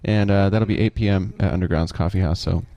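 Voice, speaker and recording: A man who works as a comedian, co-hosting a casual podcast with dry, quick quips. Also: sits low, steady tone, dark tone, no echo. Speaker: comedian co-host.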